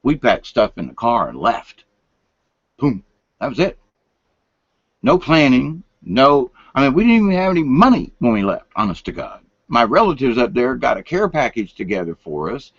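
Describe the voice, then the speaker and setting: Older man, folksy late-night rambler, pitch rises and falls a lot, dry close sound. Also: very animated, normal speed, breathy edge, no room sound. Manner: folksy, meandering, drops to whispers. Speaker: vlogger. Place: home room, lights turned down. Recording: dull lo-fi sound.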